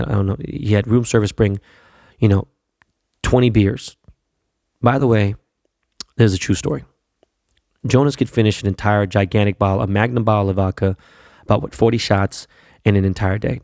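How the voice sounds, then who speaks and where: Podcast host, male, low gravelly voice, swears freely, loose rambling storyteller, dry close sound. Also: darkish tone, no room sound. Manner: profane, rambling anecdote-telling with many fillers. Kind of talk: casual storytelling monologue.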